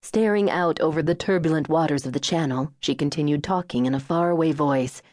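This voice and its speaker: A woman reads an audiobook in a low, mellow voice with measured, even pacing. She sits close to the mic. The studio sound is dry and free of room echo. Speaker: audiobook narrator. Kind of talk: scripted narration.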